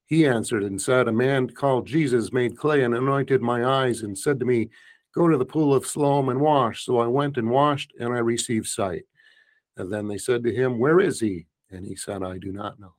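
A man hosting a program who reads the Bible passages aloud in a measured way. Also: medium pitch. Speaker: host. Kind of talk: scripture reading and casual hosting.

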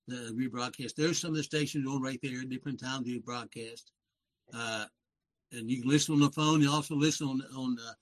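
A man in his seventies from West Virginia, with a Southern accent and a mid-range voice, is a guest on a radio program in casual talk show conversation. He rambles in a folksy way and often corrects himself, and the audio is poor.

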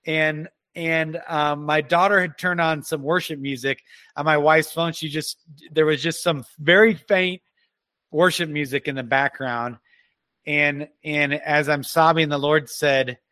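A man giving an emotional personal testimony as a guest, earnest and halting, often restarting his sentences. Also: fairly high pitch, steady tone, sharp tone, dry recording. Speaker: guest telling a personal story.

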